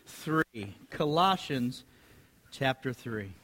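A man's voice: medium pitch, lively intonation, drawn-out words, sharp tone, big-room sound. A man preaching a sermon to his congregation, conversational and joking in his asides. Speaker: pastor. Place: church sanctuary.

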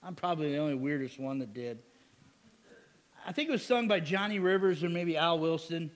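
A male pastor preaching a sermon in a lively way, asking "amen?" and chuckling with the congregation. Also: fairly high pitch, fairly quick, in a large hall.

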